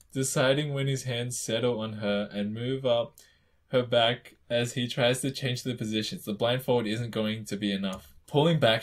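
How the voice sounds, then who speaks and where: Man reading fanfiction aloud with asides. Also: mid-range voice. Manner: breaks off reading to react and joke about the text.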